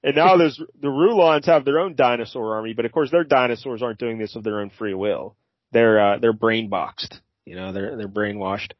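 A man's voice: medium pitch, moderate pace, dry recording. A man hosting a podcast, recapping a comic in casual chat and rambling jokily with lots of fillers. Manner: rambling and jokey, with many fillers. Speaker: podcast host. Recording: dull lo-fi sound.

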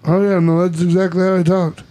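Podcast co-host, man, higher pitch, playful teasing, quick throwaway remarks. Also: level tone, warm tone. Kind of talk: casual chat.

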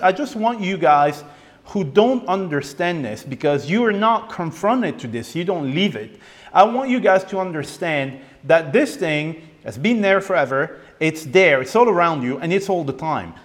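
A man's voice: fairly high pitch, in a large hall. A young man from France hosting a podcast, telling a personal story with repeated words and acted-out quotes. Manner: animated, repeats words, acts out quoted lines. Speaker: podcast host.

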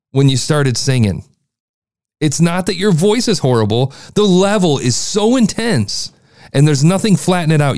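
A man's voice: a little high, a little mellow, dry recording, studio quality. A man hosting a podcast, giving a blunt, exasperated critique of a listener's show. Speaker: podcast host reviewing listener shows.

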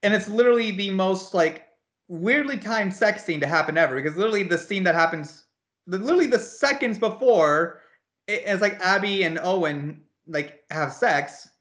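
A slightly high-voiced man co-hosts a casual gaming chat. He rants in an animated, exasperated way, and his pitch jumps up as he gets worked up. He fills the gaps with "like" over and over. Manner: animated, exasperated ranting, lots of "like". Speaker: podcast co-host.

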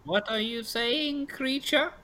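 A man voicing a hunchbacked old woman who sells pastries, speaking slowly in a high, drawn-out, sing-song way. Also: sharp tone, exaggerated voice. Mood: sinister sweet.

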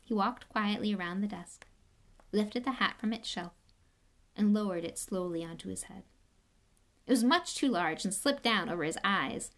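A woman reading a novel aloud with expressive, measured storytelling. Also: mid-range voice. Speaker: reader.

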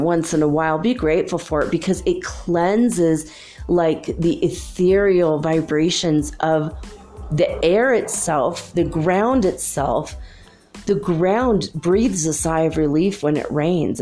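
A woman's voice: on the low side, warm tone. A middle-aged woman from Minnesota, talking in a rambling, chatty way with frequent laughs as she muses on spiritual matters. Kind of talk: casual spiritual musing.

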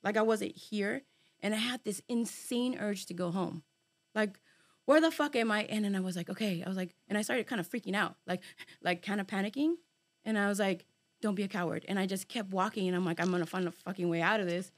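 A woman telling a long personal story in casual group chat, animated and full of swearing and fillers, dropping in bits of Spanish slang. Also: mid-range voice, brisk.

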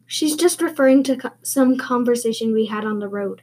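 A woman voicing a shy, quiet older farmer who speaks hastily and says little. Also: on the high side, moderate pace, close to an everyday voice. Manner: hasty, few words.

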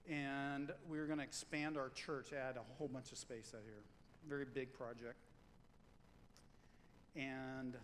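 A middle-aged man preaches a lively sermon, cracking jokes and repeating key lines for emphasis. His voice sits a little high for a man. The church hall rings with a long reverb over a faint hum of room noise. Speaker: pastor. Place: church sanctuary.

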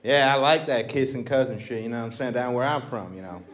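On stage, a male comedian voices a crude, rambling Texas redneck character in a lightly acted stand-up bit. He talks fast in a mid-range voice, with drawling, self-mocking patter.

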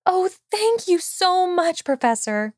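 An earnest, determined young witch pleads and pushes eagerly, pitched well above the reader's own voice, voiced by a woman reading a fan fiction audiobook. Her speech comes in bright, insistent bursts. The sound is dry, with no room echo. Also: very animated, takes it slowly, heavily acted.

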